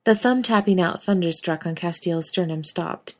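Woman narrator, slightly low voice, easygoing storytelling with casual swearing; audiobook fan fiction reading. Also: unhurried, hardly any pauses, darkish tone.

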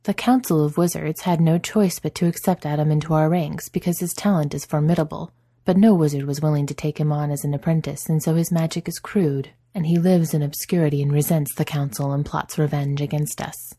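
Fake-sad sneaky wizard guy, woman reading him, husky low voice. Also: steady tone, fairly quick, warm tone, no echo, studio quality. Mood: falsely sorrowful. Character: scheming smooth-talking male wizard, falsely sad.

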